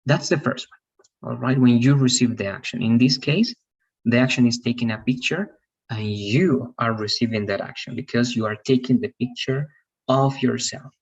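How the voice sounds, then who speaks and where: Patient husky teacher. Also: male voice, mid-range voice, normal speed, muffled recording. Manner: patient, repetitive explaining with frequent "all right?" checks. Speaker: English teacher. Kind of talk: online English grammar lesson.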